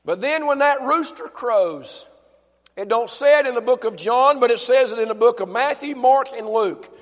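A male preacher delivering a fervent sermon in a church, dropping to a hush and then building to shouts with repeated phrases. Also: very high-pitched, lively intonation, normal speed, big-room sound.

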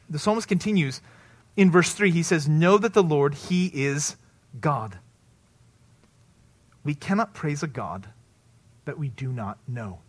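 Conversational preacher with a fairly high voice. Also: male voice. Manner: conversational preaching, rising loud for emphasis and dropping low and soft; tags points with "right?". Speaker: pastor. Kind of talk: sermon.

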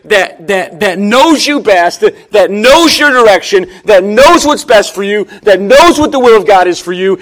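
A middle-aged pastor with a notably high-pitched voice delivers a sermon as if talking with his congregation. He stacks repeated phrases and moves between forceful, emphatic climbs and soft, low-key asides. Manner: conversational preaching with repeated phrases.

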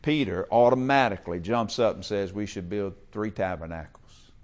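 A man preaching a sermon in church, talking with the congregation and swinging from loud, stretched-out calls to quiet whispers. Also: fairly low pitch, moderate pace. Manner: talks with the congregation, calls for amen and uses y'all. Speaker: pastor.

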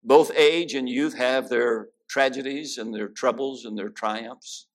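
A man's voice: mid-range voice, fairly even intonation, unhurried. A man preaching a sermon, mixing folksy jokes with scripture readings in a prayerful, homespun manner. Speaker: guest preacher.

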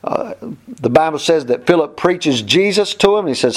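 A man's voice: on the high side, expressive, moderate pace. A man teaching a verse-by-verse Bible class, plainspoken and emphatic, often repeating his points.

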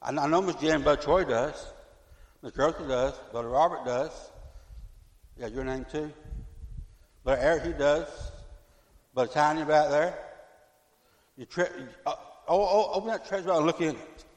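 Middle-aged male pastor, slightly high voice, fervent repetitive sermon, long church reverb. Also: moderate pace, long pauses. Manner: fervent, repetitive, swinging from loud to hushed. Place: church sanctuary. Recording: echoey church hall.

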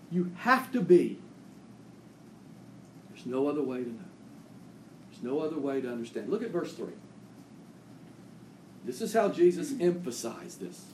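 A man preaching a sermon in an echoey church room with faint noise behind him. His voice sits high for a man, and it climbs and drops between fervent proclamations and quiet, close asides to the congregation. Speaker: pastor.

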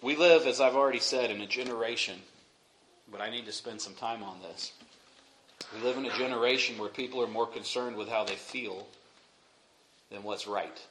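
A young man delivers a sermon from the pulpit of a church sanctuary. His voice sits at an ordinary pitch, swinging between hushed asides and loud, emphatic peaks. The recording is roomy and echoey, with a faint hiss underneath. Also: normal speed, long pauses. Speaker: pastor. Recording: echoey room, faint noise.

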